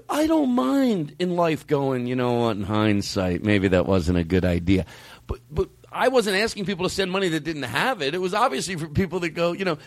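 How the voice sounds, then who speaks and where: A man who is a comedian and podcast host, chatting casually and rambling with loose asides and sudden jumps up in pitch. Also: no room sound. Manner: loose, rambling, quick swings up in pitch when riled. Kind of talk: casual chat.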